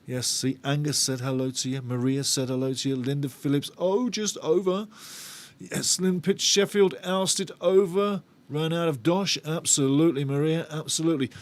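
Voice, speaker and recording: With a slightly high voice, steady tone and normal speed, a middle-aged man hosts a fan channel's live football watch-along. He chats, banters and reads out viewer comments with a jokey, sarcastic streak, mixing stream chat with match talk.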